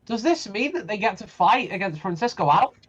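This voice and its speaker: A man's voice: high-pitched, lively intonation, quick pace, a bit bright, breathy edge. A twenty-year-old man co-hosting a podcast in a jokey, swearing banter. His voice swings up and down a lot. It comes through a slightly dull, lo-fi mic. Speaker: podcast co-host. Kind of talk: casual chat.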